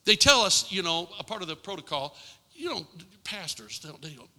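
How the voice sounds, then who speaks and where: An older man preaching a sermon, his voice bright and cutting and set a little high. He presses points with emphatic repetition, then sinks to a hushed tone. The sound carries a long reverb from a church sanctuary. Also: animated, fairly quick. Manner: impassioned, with emphatic repetition and sudden drops to a hushed voice. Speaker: pastor. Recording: long reverb in a large hall.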